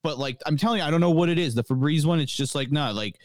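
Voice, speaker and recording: A man's voice: fairly high pitch, fast talker, no room sound. A young man co-hosting a podcast, rambling casually with lots of fillers and laughter. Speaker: podcast co-host. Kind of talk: casual chat.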